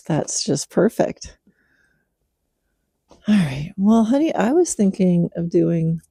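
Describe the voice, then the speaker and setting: Middle-aged woman host with a dark, dry, close-up sound, talking slowly and gently as she praises her horse. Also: on the low side, creaky, breathy edge, dry recording. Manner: soft, relaxed, coaxing the horse with praise. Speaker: podcast host, horse trainer. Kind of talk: casual spoken reflection while working a horse. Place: outdoors at night with her horse.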